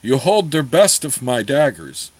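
A man voices a greedy old dwarf weaponsmith, speaking slowly in a thick accent with broken grammar, matter-of-fact, gruff, and a bit cross. His voice is medium-pitched and very animated, with no echo.

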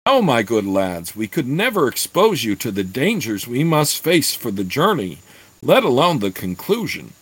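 A man's voice: mid-range voice, big pitch swings, normal speed, a bit bright, breathy edge. A man reading aloud voices a one-eyed bard who is stern but kindly with two boys. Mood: fatherly. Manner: commanding, fatherly.

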